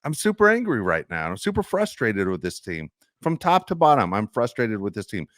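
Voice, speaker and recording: A man rants about his team on a football podcast, exasperated and animated. His pitch leaps and dives as he vents. The sound is dry and close, with no room around it. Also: brisk, no echo. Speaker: podcast co-host. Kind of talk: casual sports chat.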